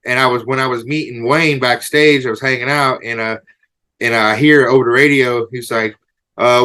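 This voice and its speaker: Man, band guest, bright tense voice, excited laughing stories, casual interview. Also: medium pitch, moderate pace, clean tone. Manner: excited storyteller, laughing, imitates shouts in anecdotes.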